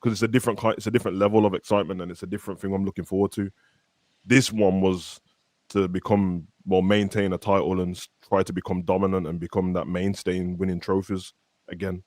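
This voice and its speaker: A man vents in a casual podcast chat, weary and frustrated, and he speaks in slang. His voice is low and sits close to the mic. There is little room sound around him. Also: a little mellow, no room sound. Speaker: football fan panelist.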